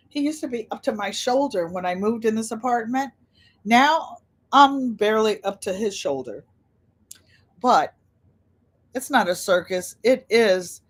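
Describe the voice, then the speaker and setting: Older woman chatting and telling stories. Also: mid-range voice. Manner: storytelling, animated quoted voices. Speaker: channel host. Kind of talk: casual livestream chat.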